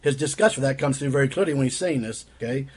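A man's voice: medium pitch, quick pace, a little mellow, husky. A man giving argumentative commentary in an emphatic tone, quoting another speaker and answering with rhetorical questions. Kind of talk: critical commentary on quotes read aloud.

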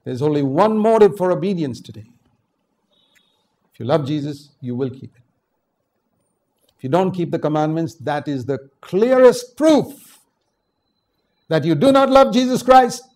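An older man from India preaching a sermon, swinging from low asides to loud, emphatic exhortation. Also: expressive, unhurried, pauses often.

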